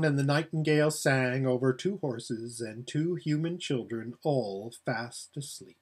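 A man reading a children's novel aloud as an audiobook, with expressive storytelling. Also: medium pitch, unhurried, hardly any pauses, breathy edge. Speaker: narrator.

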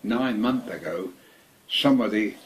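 An older man with a lowish, unhurried voice reminisces about his war service in a casual talk at home. As a veteran being interviewed, he rambles, repeats himself, and swears freely.

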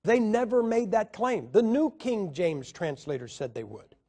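A man's voice: high-pitched, sing-song, measured pace, warm tone. A man teaching a Bible class in a lecture style, asking his listeners questions and counting out syllables for emphasis. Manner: emphatic, asks the audience questions.

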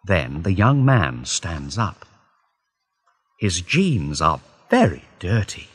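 A male reader narrates a graded story at a very slow, deliberate pace. His voice is fairly low and slightly husky, with a widely rising and falling tone. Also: huge pitch swings. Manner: deliberate, clearly spaced phrasing.

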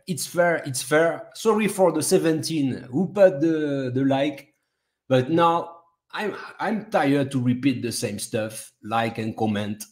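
A man's voice: mid-range voice, lively intonation, slow pace. A young man who is not a native English speaker hosting a casual livestream, hyping people up and repeating himself with lots of fillers. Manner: hyped, repetitive, lots of fillers. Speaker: livestream host.

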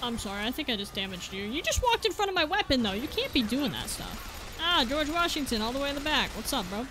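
A woman's voice: high-pitched, sing-song, fast, background noise. A woman playing a video game, chatting and joking at the characters on screen as she plays. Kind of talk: casual let's-play commentary. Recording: game music behind voice.

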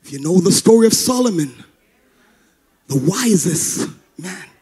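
Man, pastor, very high voice, slow drawn-out delivery, sing-song chanted sermon, rhythmic breaths, faint music behind. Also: lively intonation, warm tone, breathy edge. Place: church service.

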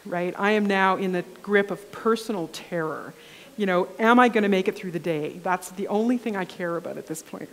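Woman journalist at a conference lectern, vivid storyteller; mid-pitched voice, long hall reverb. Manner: animated storyteller, acts out quoted dialogue. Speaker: keynote speaker. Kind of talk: storytelling keynote talk.

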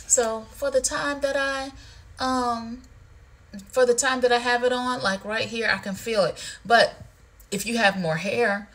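A woman's voice: fairly high pitch, steady tone, measured pace. Chatty woman hosting a live sale. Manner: playful, teasing, chatty with viewers. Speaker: livestream shopping host. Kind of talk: casual live sales chat. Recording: loud music underneath.

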